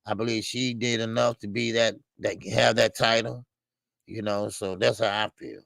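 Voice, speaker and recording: A man's voice: fairly low pitch, little pitch movement, moderate pace, gravelly, a bit bright, no room sound. A man co-hosting a boxing talk show, rambling with many hesitations. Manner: rambling, hesitant, many uhs and you-knows. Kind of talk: casual boxing chat.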